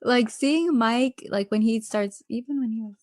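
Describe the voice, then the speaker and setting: Woman co-host, lively gossipy recap delivery, dry close sound. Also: on the high side, normal speed, no echo. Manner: animated, acts out quotes from the show. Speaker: podcast co-host. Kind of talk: casual reality-TV recap chat.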